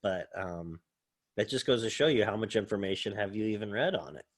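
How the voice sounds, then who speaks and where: A man's voice: on the low side, animated, a little fast. A man, a college English professor, giving a casual, rambling recorded lecture while sharing his screen, thinking aloud with many fillers.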